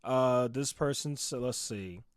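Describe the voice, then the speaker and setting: Male reaction commentator, animated and mocking, loud bursts then muttered asides; dry close mic. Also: unhurried, no echo. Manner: animated, mocking, swings between loud outbursts and low muttering. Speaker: commentary YouTuber.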